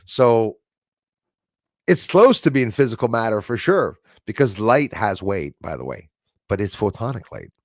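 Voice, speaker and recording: A man's voice: lowish voice, very animated, a little slow, dry recording, clean studio sound. A man hosting a casual livestream, reading viewer comments aloud, chuckling often and rambling between topics. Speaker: livestream host.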